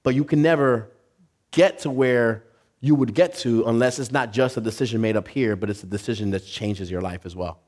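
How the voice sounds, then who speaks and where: A man's voice: medium pitch, a little fast. A man preaching a sermon in a church service. He tells stories with energy and often restarts his sentences. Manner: animated storytelling with frequent restarts. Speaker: pastor.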